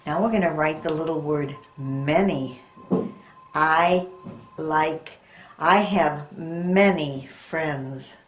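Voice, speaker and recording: A woman's voice: low-pitched, extremely slow, a little hiss or hum. A woman teaching a phonics lesson to young children, sounding words out letter by letter and coaxing them with questions. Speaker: reading teacher. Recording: echoey room.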